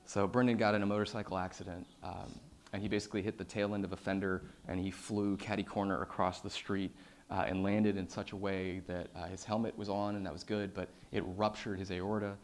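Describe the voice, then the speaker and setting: A man giving a personal storytelling talk on stage. He swings between loud, excited telling and hushed, quiet passages, with many fillers and repeated starts. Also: deep voice, brisk. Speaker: public speaker.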